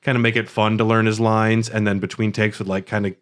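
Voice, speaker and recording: A man's voice: on the low side, flat delivery, fairly quick. A man co-hosting a podcast, casually recapping a video game and laughing easily. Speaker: podcast co-host.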